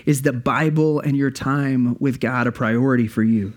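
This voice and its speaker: A man's voice: medium pitch, steady tone, normal speed. A male pastor preaching a sermon earnestly, building his points with repeated phrases.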